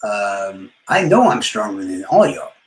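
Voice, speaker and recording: A man's voice: fairly low pitch, sing-song, unhurried, echoey room, low-quality recording. A man trash-talking rivals on a live stream, boastful and profane, his words often trailing off into mumbles. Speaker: livestreamer.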